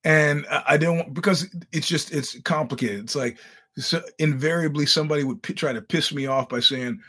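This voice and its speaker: A man's voice: fairly high pitch, moderate pace, pushed and bright, husky. A man hosting a podcast, telling stories in a casual monologue, wry and blunt, acting out the quoted dialogue and often stammering over restarts. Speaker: podcast host.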